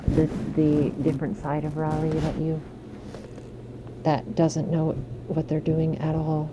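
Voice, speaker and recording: Woman ASMR streamer, low gravelly voice, slow unhurried talk, soft and apologetic, noisy home mic audio. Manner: soft-spoken, apologetic and giggly. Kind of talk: casual live-stream chat. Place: home room with an air conditioner running. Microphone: studio microphone.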